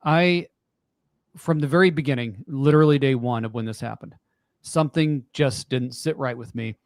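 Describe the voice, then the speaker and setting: A man's voice: medium pitch, normal speed, no echo, clean studio sound. A man in his forties, a podcast guest in casual chat, talking earnestly and emphatically and repeating himself.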